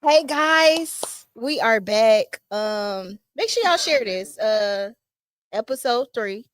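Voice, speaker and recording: Casting note: upbeat woman host, fairly high voice, dry close sound. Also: slow pace, dry recording. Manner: excitable, chatty, with many fillers. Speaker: podcast host. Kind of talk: casual chat. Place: small studio set.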